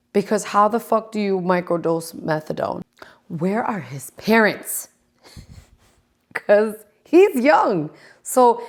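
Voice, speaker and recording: Profane exasperated woman host ranting. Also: mid-range voice. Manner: profane and exasperated, dropping into stage whispers; sarcastic, addresses the audience directly. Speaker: podcast host. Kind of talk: casual ranting commentary.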